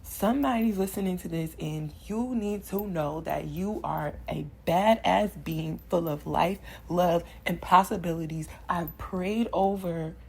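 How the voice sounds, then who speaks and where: A woman's voice: lowish voice, unhurried, gravelly, hardly any pauses, slightly rough, low-quality recording. A young woman doing a channeled tarot reading, preaching affirmations with passion and sighing between lines. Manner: impassioned, preachy, repetitive affirmations. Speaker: spiritual card reader.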